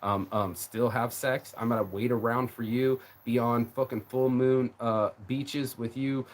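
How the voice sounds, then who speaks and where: A man's voice: mid-range voice, fairly even intonation, unhurried. A man ranting on a live stream in a rambling, emotional way, swearing often and repeating his words. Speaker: livestreamer. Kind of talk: casual rant on a live stream.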